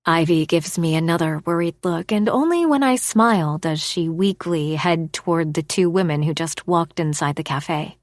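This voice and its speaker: Expressive woman narrating an audiobook. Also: on the low side, normal speed, few pauses, dry recording. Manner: expressive, drops to a whisper for inner thoughts. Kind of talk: first-person scripted narration.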